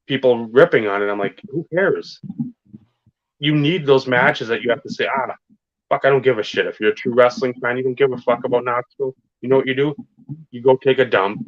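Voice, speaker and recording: A man's voice: mid-range voice, steady tone, fast, no echo. A man co-hosting a podcast, talking casually and rambling about wrestling, swearing often and stressing his points. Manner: profane, rambling, emphatic wrestling fan talk. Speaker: podcast co-host. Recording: dull lo-fi sound.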